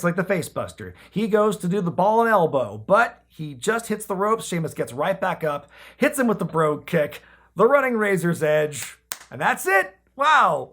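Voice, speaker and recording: Animated man recapping wrestling, lively pitch. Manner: animated, jokey, swears casually, acts out quotes. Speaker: podcast host recapping wrestling episodes. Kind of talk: casual comedic recap.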